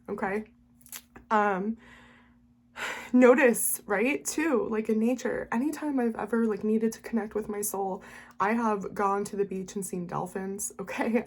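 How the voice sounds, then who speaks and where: A woman who coaches and reads tarot, talking to camera in a casual, earnest way, with many "um"s and short laughs, checking in with "okay?" after almost every point. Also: medium pitch. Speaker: spiritual life coach and tarot reader.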